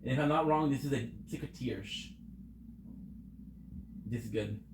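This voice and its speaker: A man's voice: mid-range voice, measured pace, roomy sound, noisy background. A man giving casual commentary while playing a game, muttering and reading game text aloud. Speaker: gaming streamer.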